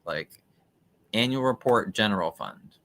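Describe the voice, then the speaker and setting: A man's voice: fairly low pitch, animated, measured pace, fairly bright tone. A man hosting a casual livestream, commenting skeptically and chattily on documents he reads aloud, with frequent fillers. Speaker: livestream host.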